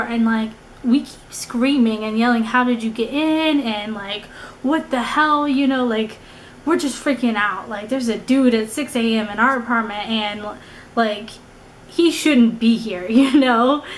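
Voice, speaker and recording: A young woman tells a story to her camera in a loose, animated way, stumbling over her words and tossing in fillers constantly. Her voice sits a little high for a woman, with a faint hiss in the background. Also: rough recording. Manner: animated, rambling with many "like"s and restarts. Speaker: vlogger. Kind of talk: casual storytelling.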